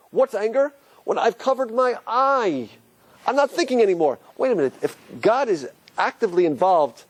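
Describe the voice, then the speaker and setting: A man teaching a religious class as a rabbi, asking his listeners questions and swinging his voice up and down as he explains. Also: low-quality recording. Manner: animated, asks the audience questions, pitch swings up and down. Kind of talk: lively classroom lecture.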